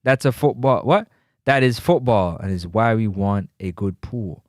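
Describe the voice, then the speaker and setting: Animated Jamaican sports talk host. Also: male voice, fairly low pitch, unhurried, dry recording, clean studio sound. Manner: animated, teasing, slips into patois. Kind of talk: casual football talk show reading live chat.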